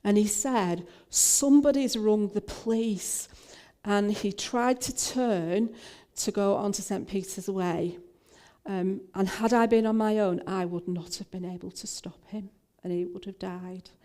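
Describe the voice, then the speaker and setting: A woman's voice: mid-range voice, steady tone, unhurried, warm tone. An older woman minister, telling a personal story in a talk, with frequent fillers and restarts.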